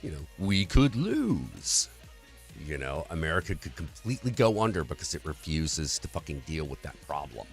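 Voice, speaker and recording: Profane low-voiced man ranting casually. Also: sing-song, moderate pace, creaky, faint music behind. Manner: profane, rambling, earnest. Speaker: livestream host. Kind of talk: casual political rant.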